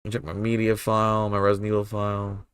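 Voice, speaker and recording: A man's voice: on the low side, monotone, quick pace, clear, resonant tone, dry recording, studio quality. A young man giving casual, rambling commentary while he streams a game, swearing freely and laughing often.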